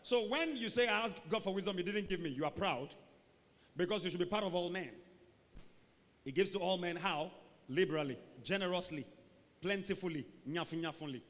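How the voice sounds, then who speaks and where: A man preaching a sermon as pastor, animated, swinging from booming shouts to low mocking asides. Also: a little fast. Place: church hall. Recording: reverberant church hall.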